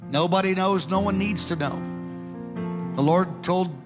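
A man preaching a sermon with passion, moving between loud urgings and soft, hushed prayer. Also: high-pitched, measured pace, over music.

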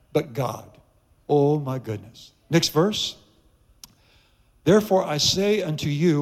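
A man preaching a sermon to a church congregation, emphatic and joking, repeating key phrases for weight. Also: on the high side. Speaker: pastor.

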